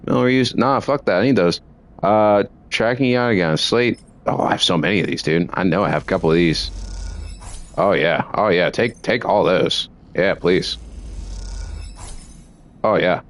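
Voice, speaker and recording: A young man giving casual, excitable let's play commentary, swearing freely as he plays. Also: deep voice, measured pace, pauses often. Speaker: gamer.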